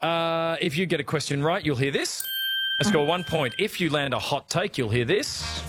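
A man's voice: a little high, moderate pace, music in the background. Playful man hosting a panel. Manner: playful, laughs at own jokes. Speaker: host of comedy panel show. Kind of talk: joking panel show hosting.

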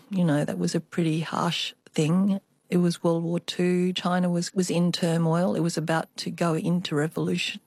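A woman's voice: lowish voice, a little mellow, dry recording, studio quality. An older woman, an artist, telling family stories as a guest in a radio interview. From Australia. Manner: reflective storytelling, with small restarts.

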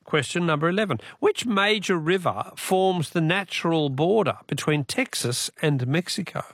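A man's voice: fairly high pitch, animated, moderate pace, a bit bright, no room sound, clean studio sound. An Australian man hosting a talkback radio quiz, chatty and matey, reading out listener texts.

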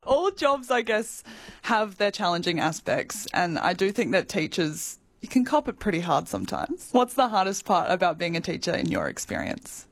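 A woman's voice: fairly low pitch, very animated, normal speed, no room sound. Friendly woman interviewer, dry. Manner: friendly, admiring. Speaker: interviewer, former student. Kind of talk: interview questions.

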